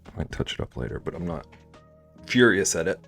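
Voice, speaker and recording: A man's voice: sits low, big pitch swings, fairly quick, vocal fry, fairly bright tone. A man streaming casually while drawing, rambling and chatty, often trailing off into mumbles. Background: faint background music.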